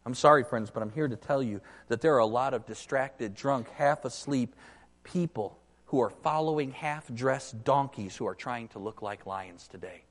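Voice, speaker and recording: A man preaching a sermon in an earnest, emphatic way, slowing down to press key points. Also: medium pitch. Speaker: pastor. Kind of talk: sermon with storybook reading. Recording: echoey hall with long reverb.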